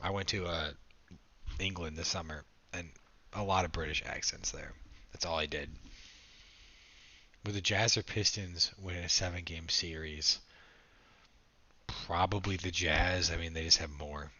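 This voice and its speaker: A young man talks through a live game on a stream, calling the score and replying to his chat. His voice is fairly low but sharp and forward, with a frustrated, casual edge. The audio is dull and lo-fi. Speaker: livestreamer reacting to a game.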